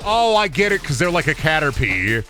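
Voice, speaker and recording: A man's voice: a little high, sing-song, moderate pace. A man streaming a video game, riffing with profane jokes in casual commentary. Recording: voice over loud game music.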